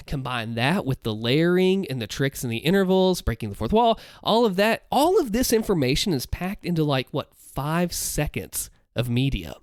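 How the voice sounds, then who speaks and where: A man walks through his voice acting work, explaining it with vocal demonstrations. His slightly high voice rises and falls with animated energy, and the sound is dry and close. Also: moderate pace, hardly any pauses, no echo. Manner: holds back volume late at night. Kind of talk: voice acting breakdown.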